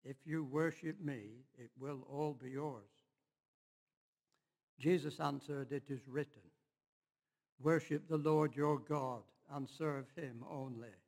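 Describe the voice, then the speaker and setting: A man's voice: mid-range voice, steady tone, creaky, a little mellow. Man reading scripture in a hall. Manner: measured, unhurried reading. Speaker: scripture reader. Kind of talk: Bible reading in church.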